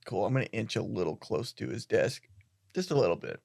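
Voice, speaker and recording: A man's voice: fairly low pitch, lively intonation, fairly quick, creaky, darkish tone, dry recording, studio quality. A man playing a tabletop game in character, joking, brash and swearing freely. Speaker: player.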